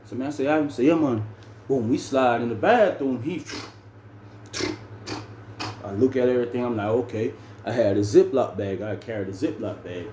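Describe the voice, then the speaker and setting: Man with a mellow voice telling a story, roomy sound, faint noise behind. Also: mid-range voice, moderate pace, pauses often. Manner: animated, slangy, lots of "bro" and "man". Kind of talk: casual storytelling vlog.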